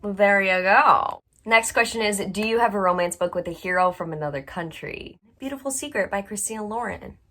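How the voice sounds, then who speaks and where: A woman's voice: mid-range voice, fairly quick, few pauses, fairly bright tone. A young woman, chatting casually and gushing on her book vlog, full of "like" and "um". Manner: bubbly, gushing, lots of "like" and "um". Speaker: book channel host.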